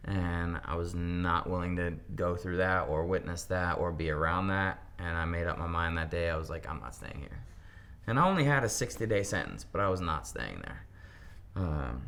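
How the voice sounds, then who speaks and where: A young man from Pennsylvania with a fairly low voice, telling a story as an interview guest. He talks casually and acts out the lines of the people in it. A faint hiss sits under the recording. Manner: animated storyteller acting out quotes.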